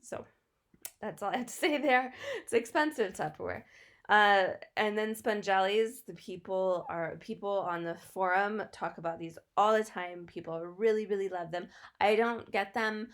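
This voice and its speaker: A woman's voice: mid-range voice, moderate pace. A young adult woman vlogger chatting casually through product reviews, often correcting herself and laughing. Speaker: beauty and lifestyle vlogger.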